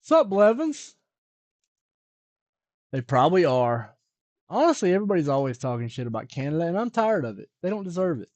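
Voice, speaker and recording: A man hosting a live music stream, chatting with viewers in a loose, joking way, drawing words out slowly for comic effect. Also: a little high, big pitch swings, darkish tone, dry recording, muffled recording. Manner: joking, rambling banter with viewers. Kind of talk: casual chat on a live stream.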